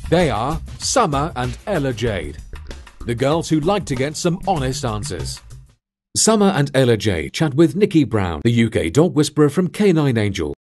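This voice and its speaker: A man's voice: mid-range voice, a little mellow. A male radio announcer reading a scripted show introduction in a showy announcer delivery. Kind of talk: scripted promo voice-over.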